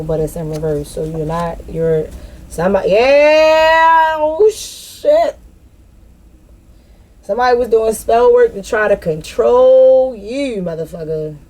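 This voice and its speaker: Female tarot reader, low dark voice, casual rambling delivery with lots of swearing. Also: slight background noise. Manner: loose, rambling, swears freely, talks straight to the viewer. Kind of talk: spiritual tarot reading, casual and profane.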